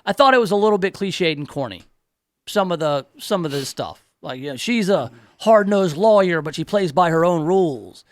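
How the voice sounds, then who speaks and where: A man's voice: sits high, expressive, normal speed, no room sound, studio quality. A middle-aged man hosting a radio talk show, chatting casually and wryly with many restarts. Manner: wry, talkative, many restarts. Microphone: studio microphone.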